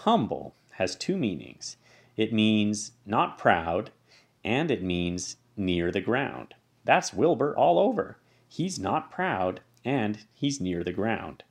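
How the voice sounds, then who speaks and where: A man voicing a wise, gentle female spider who speaks calmly and soothingly. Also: fairly low pitch, moderate pace. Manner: calm and soothing.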